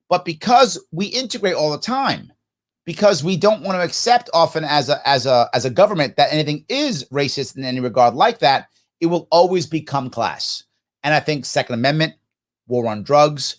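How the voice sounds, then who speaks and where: A man hosting a live talk show, reading viewer comments aloud and answering them emphatically, often posing questions and answering them himself. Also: fairly high pitch. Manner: animated, jokey asides. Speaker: political talk show host.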